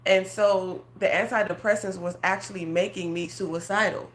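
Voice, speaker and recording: A faith coach offering prophetic guidance shares an emotional personal testimony, speaking at a medium pitch with a steady tone and moderate pace. She's earnest and conversational, addressing her listeners directly.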